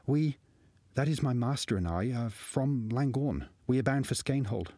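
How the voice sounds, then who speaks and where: A man's voice: mid-range voice, lively intonation, normal speed, warm tone, no echo, pitched above the performer's own voice, lightly acted. A man playing a shy, stammering young apprentice. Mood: earnest. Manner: hesitant, stammering, polite. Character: shy earnest young male apprentice bard.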